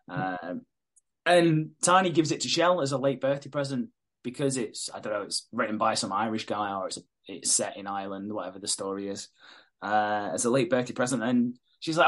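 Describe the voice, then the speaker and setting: A man's voice: medium pitch, expressive, brisk, a bit bright. A man hosting a podcast, casually recapping a TV episode and acting out the characters' lines with plenty of swearing. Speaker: podcast host.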